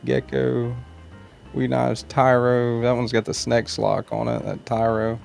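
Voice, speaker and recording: Gravelly laid-back man hosting a livestream. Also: mid-range voice, completely flat delivery, unhurried, a little mellow, faint music behind. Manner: laid-back, rambling, greets viewers by name. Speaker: knife channel livestream host. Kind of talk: casual livestream chat reading viewer comments.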